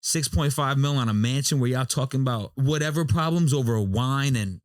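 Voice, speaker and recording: A man's voice: medium pitch, moderate pace, no room sound, clean studio sound. A man co-hosting a podcast, talking in a loose, slangy, laid-back way full of asides. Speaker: podcast co-host. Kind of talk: casual chat.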